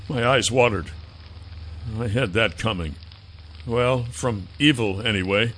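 A man narrating a first-person fantasy audiobook in a measured way. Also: mid-range voice, a bit bright.

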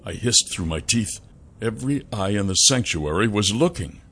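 Man reading a fantasy novel aloud, animated delivery, crisp bright tone. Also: on the low side, moderate pace, soft background music. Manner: expressive storytelling. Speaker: audiobook narrator. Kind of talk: first-person scripted narration.

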